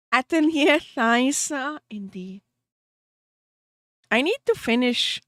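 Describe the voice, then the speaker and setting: A high-pitched woman streaming as a VTuber, talking to her chat at an unhurried pace. She is giggly and openly emotional, laughing often between sentences. Her voice sounds close and dry, with no room echo. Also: lively intonation, a bit bright. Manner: self-deprecating rambling with small restarts. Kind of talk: casual chat with stream viewers.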